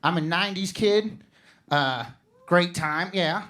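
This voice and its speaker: High-voiced animated stand-up comedian man. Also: unhurried. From Missouri, USA. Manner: animated, slips into loud mock voices for bits. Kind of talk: stand-up set.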